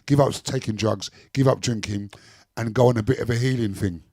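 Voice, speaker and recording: Gravelly earnest man. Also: mid-range voice, a little fast, darkish tone, dry recording, studio quality. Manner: earnest, repeats phrases. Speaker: guest DJ and entrepreneur. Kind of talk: casual interview chat.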